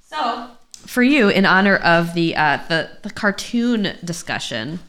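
A woman's voice: lowish voice, animated, measured pace, heavy background noise. Wry, teasing woman podcast host. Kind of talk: casual podcast chat.

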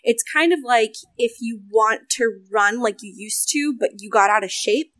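A young woman speaking candidly as an interview guest, open and animated, often acting out what people say. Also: a little high, moderate pace, no echo. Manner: open, animated, acts out quoted voices. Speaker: game developer guest.

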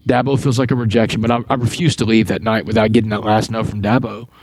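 Fast-talking man telling a story. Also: on the low side, slightly rough, dry recording, poor audio. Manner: animated storyteller, repeats words as he goes. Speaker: guest. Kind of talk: storytelling interview.

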